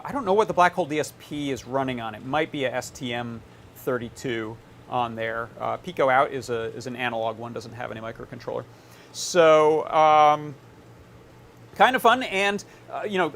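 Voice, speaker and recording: A man hosting a live electronics workshop, explaining his setup in a relaxed, casual way with plenty of filler words as he tinkers. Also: mid-range voice, slight background noise.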